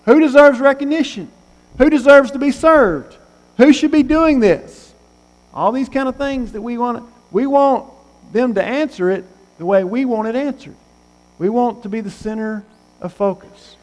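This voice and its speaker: A man preaching a sermon in a conversational way, posing rhetorical questions to his listeners. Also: very high voice. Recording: long hall reverb.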